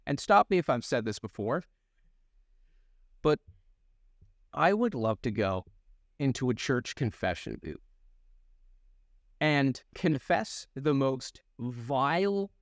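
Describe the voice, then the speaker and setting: Animated young man telling rambling jokes. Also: medium pitch, takes it slowly, long pauses, no echo, studio quality. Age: young adult. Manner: animated, laughing, rambling storyteller. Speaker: podcast co-host and voice actor. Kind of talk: casual comedic chat.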